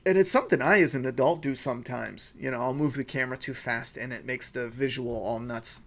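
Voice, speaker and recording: Gravelly rambling male stream host. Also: mid-range voice, flat delivery, fairly quick. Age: adult father of a school-age child. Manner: rambling, thinks out loud, self-correcting. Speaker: host of a live weekly review show. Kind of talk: casual live-stream chat, reading viewer comments.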